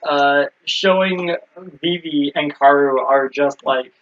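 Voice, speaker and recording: A man's voice: a little high, takes it slowly, fairly bright tone. A man co-hosting a casual anime recap chat, rambling with many fillers and restarts. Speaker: podcast co-host. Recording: dull lo-fi audio.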